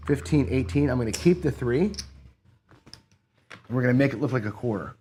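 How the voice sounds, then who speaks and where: A man's voice: mid-range voice, brisk, slight background noise. A man hosting a craps strategy session, talking viewers through each roll and payout in a casual, running commentary. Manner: talks to camera while rolling dice, counting payouts aloud; excitable bursts when a roll goes his way. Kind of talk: casual play-along commentary.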